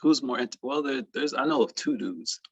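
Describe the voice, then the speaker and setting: A man's voice: medium pitch, wildly swooping pitch, moderate pace, creaky, breathy edge, no echo, dull audio. A man teaching an online trading class in a playful, boastful, teasing way. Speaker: trading educator.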